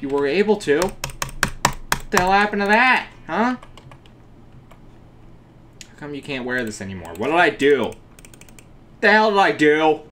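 Man, let's play host, swears a lot, swinging pitch, slow delivery, loud keyboard clicks behind. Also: a little hiss or hum. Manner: profane, excitable, talks to himself. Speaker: gaming channel host.

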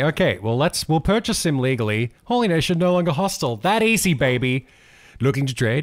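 A man hosting a gaming channel, giving excitable let's play commentary and laughing often. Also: fairly high pitch, normal speed, creaky. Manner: excitable, laughs often, yells when things go wrong.

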